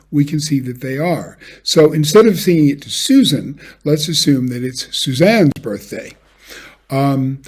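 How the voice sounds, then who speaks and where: A man giving a measured academic lecture, now and then singing short examples. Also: on the high side, a little mellow, slightly rough. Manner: measured, with brief sung examples. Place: home office, recorded for an online lecture.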